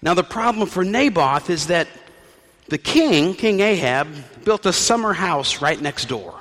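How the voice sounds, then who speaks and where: A man's voice: high voice, big pitch swings, measured pace, fairly bright tone, in a large hall. A male pastor preaching a sermon in a conversational storytelling way with wry asides.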